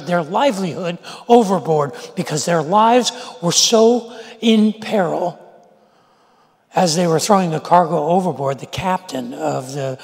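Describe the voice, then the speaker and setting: High, gravelly-voiced preacher. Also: male voice. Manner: dramatic storytelling. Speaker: pastor. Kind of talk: sermon. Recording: long church hall reverb.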